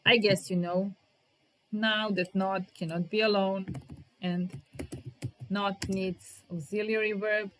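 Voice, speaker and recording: A woman teacher giving a live grammar lesson, speaking, repeating example sentences slowly and talking to viewers in the chat by name. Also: medium pitch, flat delivery. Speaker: English teacher.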